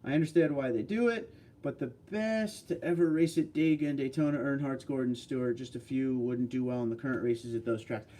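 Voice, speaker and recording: A man's voice: mid-range voice, brisk, mellow. A man from New York hosting a casual livestream, reading out viewer comments and bantering back.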